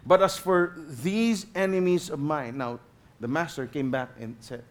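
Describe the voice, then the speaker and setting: A man with a Filipino accent preaching a sermon as a guest pastor, passionate, swinging between loud emphasis and quiet asides, slipping in Tagalog phrases. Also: a little high, a little slow.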